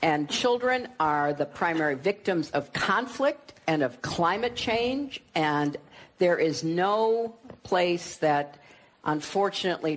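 Woman giving a slow careful speech at a summit, low voice. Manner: deliberate, pausing with fillers. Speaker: speaker at a summit. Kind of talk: measured public speech.

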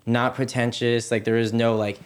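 A man's voice: mid-range voice, flat delivery, normal speed, clear, resonant tone. A young man, a former child actor, talking casually as a podcast guest, chatty and full of fillers. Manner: chatty, lots of fillers, laughs easily. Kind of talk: casual interview chat.

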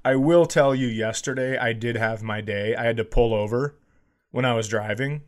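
A man's voice: medium pitch, moderate pace. A man in his forties, a podcast co-host telling a funny story in casual chat and acting out the people he quotes. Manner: animated, acts out quoted voices loudly.

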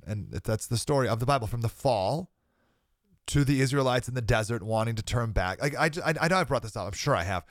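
A man's voice: medium pitch, lively intonation, quick pace, no echo, studio quality. A young man hosting a podcast, preaching earnestly and emphatically, laughing between points and sounding slightly sick with a cold. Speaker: podcast host. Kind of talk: preaching monologue.

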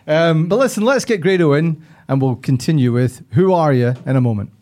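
Laughing podcast host. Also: male voice, a little high, expressive, a little fast, darkish tone, slight background noise. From Scotland. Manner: chatty and laughs easily. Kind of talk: casual chat.

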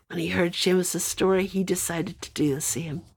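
An older woman with a Northern Irish accent telling a fairy tale to children in a lively, dramatic way. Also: on the low side, moderate pace, vocal fry, husky. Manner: lively, dramatic, playful asides. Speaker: storyteller. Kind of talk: storytelling to children.

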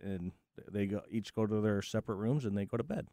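A man chatting as co-host beside his wife, answering in short, halting bits and repeating words. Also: on the low side, dark tone, dry recording, studio quality. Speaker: co-host, husband. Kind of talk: casual chat.

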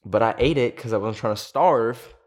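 A man's voice: mid-range voice, moderate pace. A man in his twenties telling a personal story to camera in a casual, rambling way, full of "like". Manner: rambling, heavy use of filler "like". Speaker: storytelling video host.

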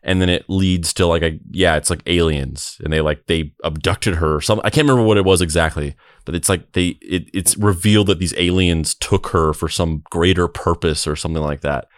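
Podcast guest, man, very deep voice, chatty and rambling, swears freely. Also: steady tone, fairly quick, few pauses, dry recording, clean studio sound. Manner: rambling, heavy use of like, swearing. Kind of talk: casual chat.

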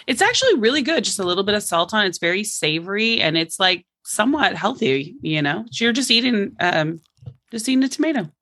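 Animated, laughing woman from Oklahoma. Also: mid-range voice, brisk, no echo, clean studio sound. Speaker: guest comedian. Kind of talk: casual chat.

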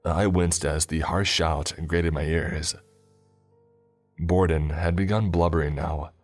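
A man reads a dark first-person story in a measured, steady way. His voice sits very deep, and faint music plays underneath the narration.

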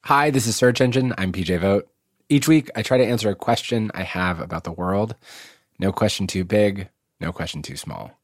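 A man's voice: on the low side, normal speed, no echo. A man in his forties hosting an explainer podcast, narrating in a wry, playful way. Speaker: podcast host.

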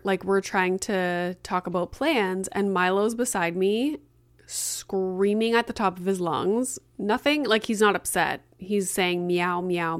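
A woman's voice: medium pitch, dry recording. Chatty woman podcaster, dry sound. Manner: chatty, many "like" fillers. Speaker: podcast host. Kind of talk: casual solo storytelling.

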